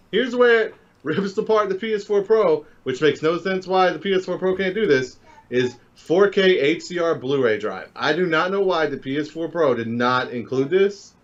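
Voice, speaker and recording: A man co-hosting a casual gaming chat, jokey and quick to laugh. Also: a little high, lo-fi sound. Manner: chatty, jokey, laughs often. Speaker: podcast co-host.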